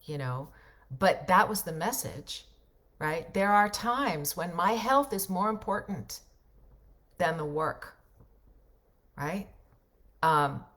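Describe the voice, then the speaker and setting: Slow-talking low-voiced woman livestream host. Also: a bit bright. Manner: chatty and reflective, rambling with fillers. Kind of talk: casual livestream talk answering comments.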